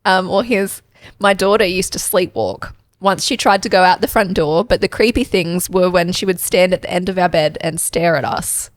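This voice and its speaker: A woman's voice: fairly low pitch, normal speed, no echo, clean studio sound. A woman co-hosting a casual parenting podcast, laughing often and retelling her kids' stories with lots of energy. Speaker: podcast co-host.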